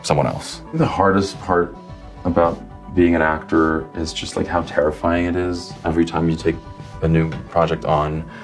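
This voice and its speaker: A man with a very low, deep voice talks easily about his work, thoughtful and unhurried, circling back on his own phrases. He is from Canada. The sound is roomy, with a soft bed of music behind him. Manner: relaxed, thoughtful, restarts his sentences. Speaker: actor. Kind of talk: casual talk to camera.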